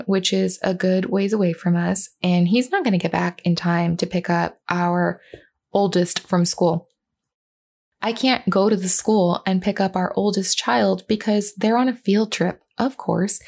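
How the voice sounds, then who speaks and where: Earnest female storyteller in her 30s, slow pace, gravelly low voice. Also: a little mellow. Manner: earnest, retelling dialogue, with fillers and restarts. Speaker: mother telling a personal story. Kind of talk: personal storytelling.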